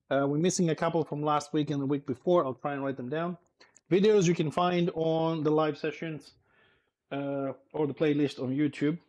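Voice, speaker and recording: A man's voice: on the high side, fairly even intonation, moderate pace, a little mellow. A man chatting casually while he cooks on a live stream, thinking aloud as he works. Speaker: home cook streamer.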